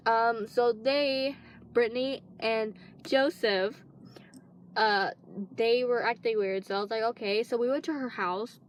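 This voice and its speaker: A woman's voice: on the high side, slight background noise. A teenage girl casually telling a long personal story, rambling with lots of fillers and restarts. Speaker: vlogger.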